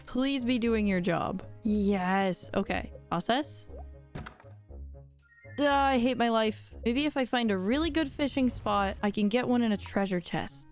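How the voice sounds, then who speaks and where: Excitable woman narrating her gameplay. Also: a little high. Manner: excitable, dramatic, self-mocking. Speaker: let's play gamer. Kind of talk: casual gameplay commentary.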